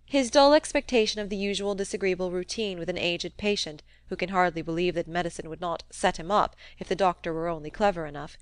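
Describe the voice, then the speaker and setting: A woman narrating a classic novel in a measured, even reading voice. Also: fairly low pitch, smooth, no room sound. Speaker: audiobook reader. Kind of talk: scripted narration.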